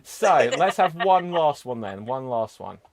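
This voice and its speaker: A man's voice: medium pitch, sing-song, a little slow. A man hosting an improv comedy show, chatting loosely between games with plenty of fillers and asides.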